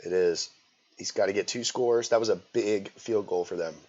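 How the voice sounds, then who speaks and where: A man's voice: fairly low pitch, moderate pace, a little mellow. Joking casual male game commentator. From rural US. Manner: joking, rambling storyteller. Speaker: play-by-play commentator. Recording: dull lo-fi audio.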